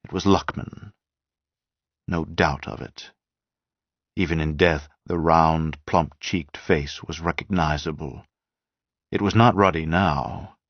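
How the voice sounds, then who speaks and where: Low voiced guy reading a novel, dull lo-fi, dead dry. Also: fairly even intonation, slow pace, long pauses, no echo. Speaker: audiobook narrator. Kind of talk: audiobook reading.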